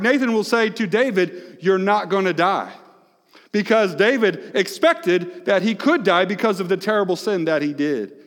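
A male pastor preaching a sermon, swinging between hushed, soft phrases and loud, emphatic ones. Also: high voice. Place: large church hall. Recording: long echoing hall reverb.

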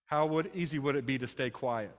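Midwestern pastor preaching in a reverberant church. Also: male voice, mid-range voice, fairly quick. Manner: conversational preaching with rhetorical questions to the congregation. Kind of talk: sermon. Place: church sanctuary. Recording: long hall reverb.

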